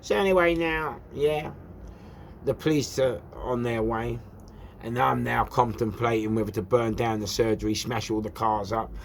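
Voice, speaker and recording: Hosting his own show, a man from England with a London accent tells a casual storytelling monologue in an animated, repetitive rant, full of rhetorical questions and bursts of shouting. He speaks at medium pitch and normal speed with vocal fry, and there's slight background noise.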